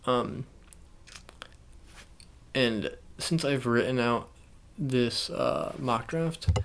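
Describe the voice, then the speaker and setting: A young man speaking in a soft ASMR style, chatting casually and rambling with many fillers and restarts. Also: medium pitch, very slow, background noise. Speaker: ASMR channel host. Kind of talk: soft-spoken ASMR sports talk.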